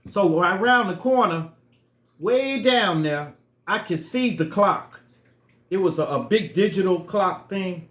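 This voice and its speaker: High-voiced man telling a slow story. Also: lively intonation, a bit bright, reverberant. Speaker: storyteller vlogger. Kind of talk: casual personal storytime.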